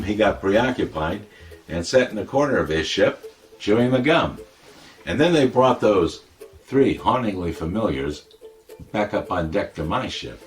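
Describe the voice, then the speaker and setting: A man playing a boastful, wisecracking older comic who tells tall tales in a deadpan, rambling way. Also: on the low side. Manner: deadpan, rambling, self-contradicting. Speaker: comic editorial presenter. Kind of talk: comedic monologue.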